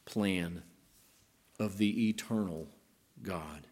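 Emphatic male preacher, hushed and rising. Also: deep voice, breathy edge. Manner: emphatic, dynamic delivery with rising and hushed passages; slows down to stress key phrases. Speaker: pastor. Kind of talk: sermon.

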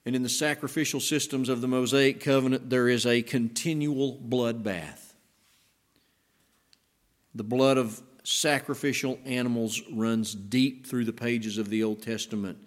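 A man preaching a sermon as pastor, swinging between emphatic rising passages and hushed slow phrases to stress key words. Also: mid-range voice, fairly even intonation.

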